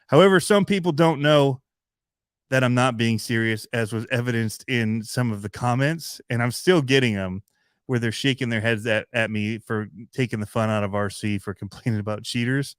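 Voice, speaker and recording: Smooth-voiced man chatting casually. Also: medium pitch, normal speed, dry recording, studio quality. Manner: rambling, chatty, with frequent laughs and fillers. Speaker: RC hobby channel host. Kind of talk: casual livestream chat.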